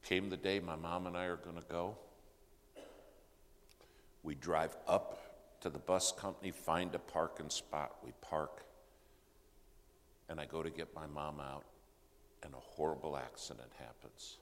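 A man telling a personal testimony in sermon-style storytelling, dramatic and dropping to hushed whispers for emphasis. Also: very deep voice, steady tone, a little slow, long pauses. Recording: long reverb in a large hall, faint background noise.

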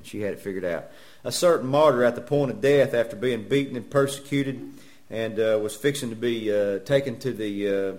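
A man preaching a sermon in a church, folksy and joking, firing rhetorical questions at the congregation. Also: fairly low pitch. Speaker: pastor.

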